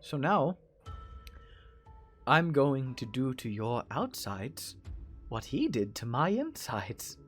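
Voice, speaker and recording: A man voicing a dead man come back, speaking softly in a measured, quietly menacing way with a put-on accent. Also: medium pitch, very animated, breathy edge, soft background music, voice pushed up, full character voice. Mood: eerie calm. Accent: foreign accent put on. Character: dead man returned, eerie and calmly polite.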